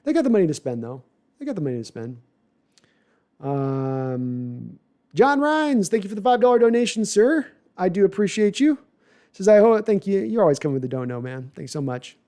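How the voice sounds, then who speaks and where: A man hosting a casual live stream, reading viewer comments aloud and answering them with quick asides and self-corrections. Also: high voice, big pitch swings, mellow. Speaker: livestream host answering viewer chat. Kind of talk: casual live chat about football.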